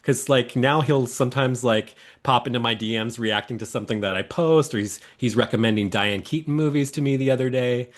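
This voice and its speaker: A man's voice: mid-range voice, brisk, hardly any pauses. A man, a fan guest, recalling a meeting in a casual, enthusiastic interview, rambling with many fillers.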